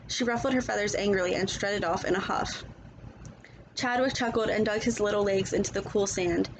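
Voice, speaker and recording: Woman storyteller, gentle children's read-aloud, mid pitch. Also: steady tone, moderate pace, noisy background.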